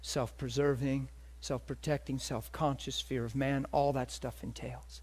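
A male preacher delivers a sermon in the form of a personal story. His voice sits in a middle male range. He moves from hushed, intimate moments to loud, emphatic ones. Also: mid-range voice, a little slow, hardly any pauses. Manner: animated storytelling, swings between loud and hushed.

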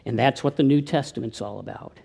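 Man, pastor, sermon, earnest, hushed appeals, mid-range pitch. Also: brisk, gravelly, breathy edge. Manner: earnest preaching, drops to a hushed, quiet tone for appeals; tells anecdotes, with slips and restarts.

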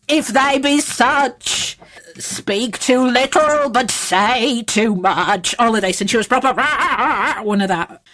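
A woman's voice: a little high, fairly bright tone. A woman co-hosting a casual chat, telling frank stories and giggling often. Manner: chatty, giggly, frank storytelling. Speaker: podcast co-host.

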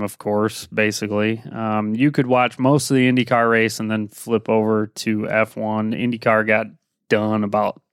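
Smooth-voiced man recapping races casually. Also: fairly low pitch, no echo, clean studio sound. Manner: relaxed, rambling with many fillers. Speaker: podcast host.

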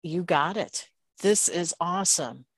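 A woman's voice: lowish voice, unhurried, husky, dry recording. A woman hosting a podcast interview, speaking with emphatic enthusiasm. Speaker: podcast host.

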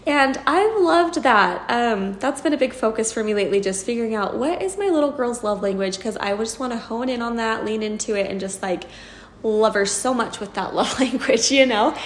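Young woman, chatty and giggly, higher voice, roomy echo, faint hiss. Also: animated, normal speed. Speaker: podcast co-host, mom. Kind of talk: casual chat.

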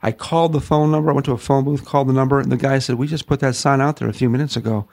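A middle-aged man from the northern United States tells his story as an interview guest, folksy and lively, acting out what each person said. His voice has a gravelly rasp. The sound is dry and close, with no room echo. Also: medium pitch, racing. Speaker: guest, ministry founder.

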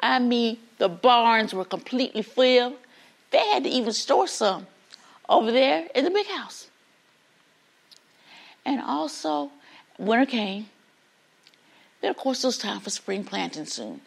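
A young woman student telling a story live in a classroom, animated and dramatic, speaking straight to her listeners. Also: fairly high pitch, measured pace, gravelly, pauses often. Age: young adult.

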